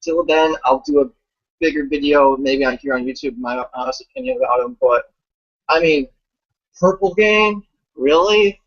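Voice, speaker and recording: A man talking in a casual, rambling way, animated and profane, with lots of fillers. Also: on the high side, moderate pace. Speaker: guest commentator. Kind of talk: casual chat. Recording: dull lo-fi audio.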